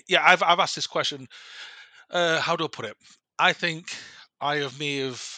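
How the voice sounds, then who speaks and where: Brief: man, podcast guest, rambling storyteller, sharp bright tone, dry close sound. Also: mid-range voice, dry recording. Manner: rambling, many restarts and self-corrections; animated retelling with quoted dialogue. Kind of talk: casual storytelling.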